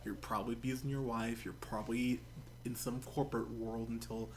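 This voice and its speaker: A man co-hosting a movie review podcast, telling stories in an animated way and laughing as he talks. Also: medium pitch, fairly quick, a little hiss or hum. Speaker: podcast co-host. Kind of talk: casual movie review chat.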